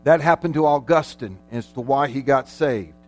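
A man preaching a sermon as pastor, emphatic, slowing down and swelling in volume on key words. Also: medium pitch. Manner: emphatic preaching with dramatic slowdowns and loud peaks.

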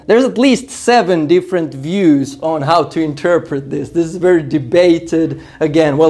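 Hoarse pastor preaching earnestly. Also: male voice, on the high side, darkish tone. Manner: earnest, emphatic exhortation with frequent restarts. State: hoarse, losing his voice. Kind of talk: expository sermon.

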